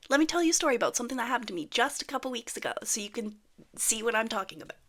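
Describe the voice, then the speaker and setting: A woman's voice: medium pitch, a bit bright. A woman in her thirties talking to camera about manifestation, chatty and blunt, swearing freely as she tells a story. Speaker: manifestation vlogger. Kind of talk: casual talk to camera.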